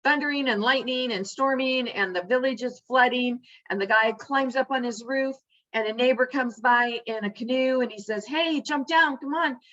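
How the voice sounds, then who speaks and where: A woman's voice: on the high side, fairly even intonation, normal speed, fairly bright tone, muffled recording. A woman giving an earnest, emphatic motivational teaching, repeating phrases for stress. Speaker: spiritual teacher.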